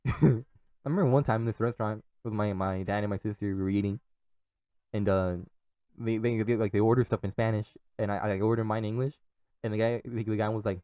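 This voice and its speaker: A young man hosts a podcast on his own, rambling casually, swearing a lot, and laughing often, with frequent restarts and trailing off. His voice is lowish and dark in tone, fairly quick, and the recording has no room sound.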